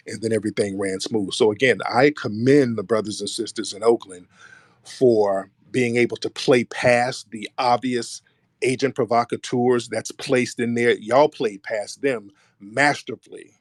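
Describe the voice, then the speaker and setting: Animated man telling a story with slang. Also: fairly low pitch, normal speed, dry recording, studio quality. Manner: animated retelling with voiced quotes, rising when heated; slangy, streetwise speech. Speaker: commentator. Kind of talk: casual storytelling monologue.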